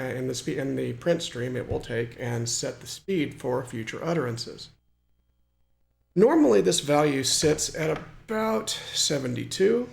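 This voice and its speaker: A man's voice: mid-range voice, creaky, darkish tone. A man walking through a computer tutorial, explaining step by step with many fillers and restarts. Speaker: hobbyist programmer demonstrating software. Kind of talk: screen-recorded tutorial walkthrough.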